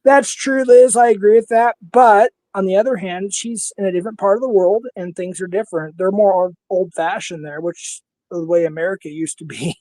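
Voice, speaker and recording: A man's voice: high-pitched, steady tone, fairly quick, dark tone, no room sound. A man in his fifties with a Minnesota accent, hosting a casual livestream panel in a blunt, heated way and swearing freely. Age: 50s.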